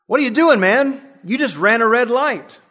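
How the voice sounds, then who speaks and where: A terrified male passenger in a spoken joke, as a preacher puts him on, yelling in alarm. His voice leaps well above the teller's own and pushes louder. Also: very high-pitched, animated, normal speed, in a large hall, voice pushed up, exaggerated voice. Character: panicked young male car passenger.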